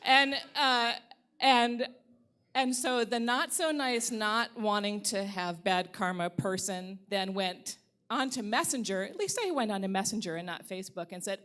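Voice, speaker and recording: A woman's voice: on the high side, measured pace, fairly bright tone. A middle-aged woman from the Upper Midwest, telling a personal story at a live storytelling event in a wry, candid way and swearing freely.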